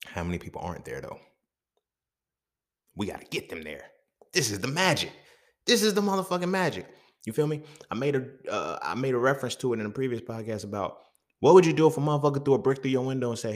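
A man's voice: lowish voice, sing-song, quick pace, fairly bright tone. A man hosting a podcast, talking in a casual, profane monologue full of rhetorical questions. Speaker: podcast host.

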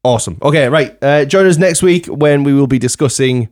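A man's voice: mid-range voice, brisk, a little mellow. A man hosting a casual podcast, reading out listener messages and laughing often. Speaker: podcast host.

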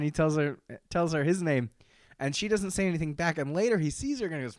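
Young guy on a podcast, lively up and down voice, kinda high, dry close sound. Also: normal speed, no echo. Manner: animated, lots of fillers and laughs. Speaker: podcast co-host. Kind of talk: casual chat.

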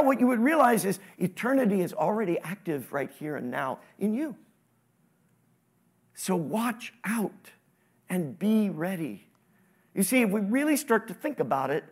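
High-voiced man preaching a lively sermon. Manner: animated preaching, sudden rises in pitch and volume, asks the congregation questions. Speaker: pastor.

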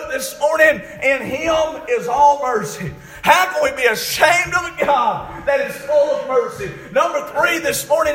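A man preaches a fiery sermon, his voice pitched very high as he shouts and then sinks to a low, soft tone. The sound rings through a very echoey church hall. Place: church sanctuary.

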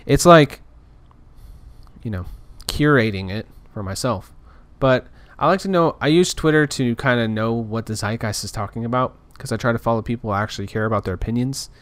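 In this dry recording, a male podcaster with a medium-pitched voice talks a little quickly through a loose, ranting monologue. Frustration shows as he rambles and starts over again and again.

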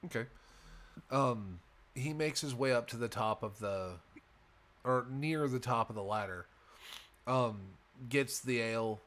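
A man's voice: medium pitch, a bit bright. Man running an online tabletop game over a voice call, mid-range voice, loose and rambling. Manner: rambling, self-correcting, many fillers. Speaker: game master.

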